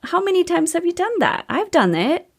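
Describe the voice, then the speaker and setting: A woman's voice: very high-pitched, very animated, normal speed. A woman in her thirties hosting a podcast, talking candidly and casually with a storyteller's chatty flow. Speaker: podcast host and coach.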